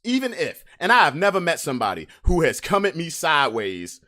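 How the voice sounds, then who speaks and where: A man's voice: fairly high pitch, big pitch swings, a little fast, bright, forceful tone. A man hosting a podcast, delivering a brash, swaggering comic rant full of trash talk. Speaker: podcast host.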